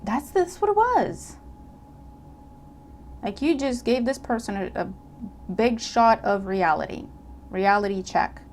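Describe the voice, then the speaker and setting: A woman giving a casual tarot reading to her viewers. She talks in an animated way, often asking "okay?" and repeating her points. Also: fairly high pitch, slow pace, long pauses, a little hiss or hum. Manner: animated, acts out imagined dialogue; checks in with listener, repeats herself. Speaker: tarot reader.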